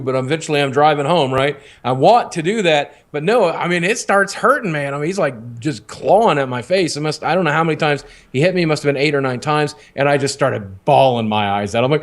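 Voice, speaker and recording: A man's voice: on the high side, lively intonation, fairly quick, hardly any pauses. A man, a podcast co-host telling a long candid story in casual, rambling, profane talk.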